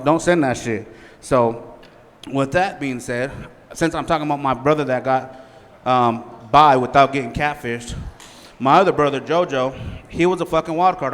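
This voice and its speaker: Male comic in his forties, profane and rambling, raised pitch, long club reverb. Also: fairly bright tone. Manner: profane, rambling storytelling with many fillers. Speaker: stand-up comic. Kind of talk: stand-up comedy set. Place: small comedy club stage.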